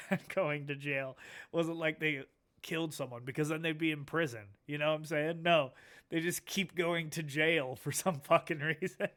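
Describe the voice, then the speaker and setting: A man's voice: a little high, fairly bright tone. A man streaming a casual reaction, laid-back, swearing a lot and laughing often.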